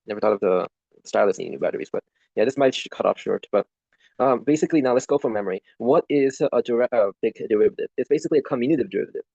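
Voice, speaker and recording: A man's voice: mid-range voice, a little mellow, no room sound, lo-fi sound. A young man talking through a study review, rambling and self-deprecating, swearing at his tablet now and then. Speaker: student reviewing for an exam. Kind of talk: casual screen-recorded study walkthrough.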